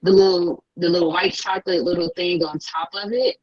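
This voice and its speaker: Excitable woman guest on lo-fi audio. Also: on the low side, fairly quick. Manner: excitable, breathless run-on storytelling. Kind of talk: casual storytelling chat. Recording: dull lo-fi audio.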